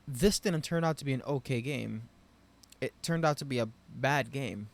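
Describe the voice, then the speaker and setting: A man giving an unscripted game review rant, rambling and profane, with frustrated loud bursts. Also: mid-range voice, normal speed. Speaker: game commentary vlogger.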